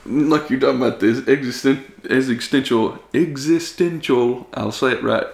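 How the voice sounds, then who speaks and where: A man talking casually about a film, quoting its lines in quick put-on voices. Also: medium pitch, vocal fry. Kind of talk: casual movie discussion. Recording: echoey room.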